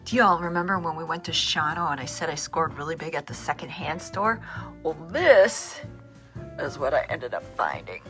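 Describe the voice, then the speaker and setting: A woman's voice: deep voice, expressive, normal speed, music in the background. A middle-aged woman from the Midwest chatting casually and rambling easily as she vlogs her day at home. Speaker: travel vlogger. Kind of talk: casual vlog chat.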